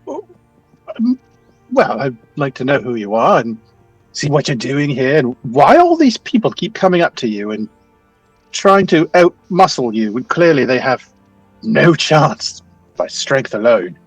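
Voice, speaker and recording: A courteous, inquisitive professor played by a man with a husky voice and a lively, swooping pitch. He sits a little higher than the player's own voice. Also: measured pace, dry recording, soft background music, exaggerated voice, rough recording. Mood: curious. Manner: polite, inquisitive. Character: curious, polite male professor adventurer.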